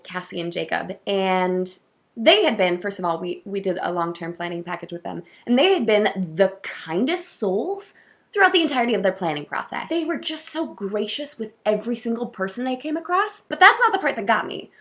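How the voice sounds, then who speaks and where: A wedding coordinator talks to the camera in a casual vlog, her medium-pitched voice effusive and heartfelt, broken up by soft laughs.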